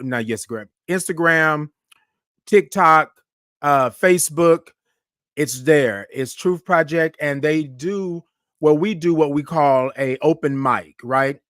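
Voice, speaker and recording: A man's voice: a little high, a bit bright, dry recording, clean studio sound. A man hosting a casual live stream, upbeat and effusive, greeting viewers by name and reading their comments aloud. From Houston, Texas. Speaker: livestream show host.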